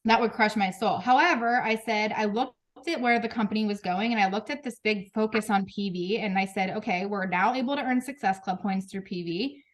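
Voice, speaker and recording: A woman in her thirties speaking frankly and emotionally to her team on a group video call, with quick restarts and laughs. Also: mid-range voice. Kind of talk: candid motivational talk.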